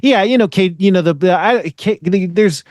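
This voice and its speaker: High-voiced, ranting podcast host. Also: male voice, moderate pace, darkish tone, no room sound, clean studio sound. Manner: rambling, profane, ranting. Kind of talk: casual podcast chat.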